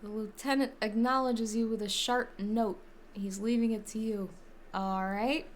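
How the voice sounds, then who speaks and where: A woman's voice: on the high side, fairly even intonation, measured pace, a little hiss or hum. A woman streaming a game, chatting casually, laughing and swearing now and then. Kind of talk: casual gameplay commentary.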